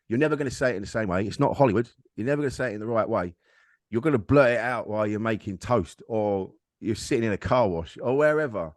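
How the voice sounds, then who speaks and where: A man's voice: medium pitch, no room sound, studio quality. A man, a comedian guest on a podcast, telling a personal story in a frank, rambling, self-deprecating way. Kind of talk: candid conversational storytelling.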